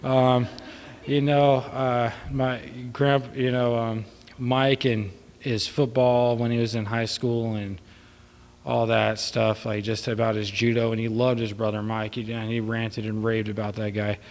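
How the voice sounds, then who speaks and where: A man delivers an unscripted eulogy in a church, his voice sitting at an ordinary middle pitch. He rambles with many fillers, slipping between tearful laughter and quiet sadness. A long reverb trails each phrase through the room. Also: level tone, unhurried. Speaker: son giving a eulogy. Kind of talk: informal memorial speech. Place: church hall.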